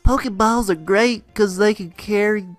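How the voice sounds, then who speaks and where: A nerdy, eager male professor from a video game, voiced by a man playing along, slightly raised and louder than his normal speech. The voice keeps sliding into a Southern-style twang. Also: high-pitched, moderate pace, no room sound, soft background music, pitched above the performer's own voice, lightly acted.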